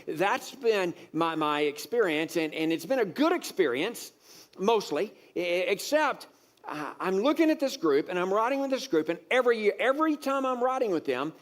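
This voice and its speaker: Male pastor, higher register; preaches through a personal story, building to emphatic exasperated peaks. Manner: storytelling, grows animated and exasperated with rising emphasis; many fillers and repeated words. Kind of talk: sermon.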